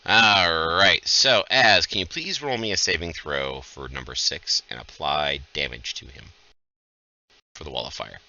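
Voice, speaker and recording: A man's voice: very deep voice, a little slow, bright, forceful tone, dull audio. A man acting as dungeon master in a live tabletop game, calling rolls and joking about the rules.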